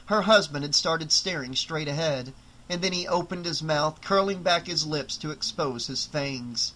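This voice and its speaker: A man narrating an unabridged audiobook in a measured, dramatic storytelling way. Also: on the high side, sharp tone, a little hiss or hum, poor audio.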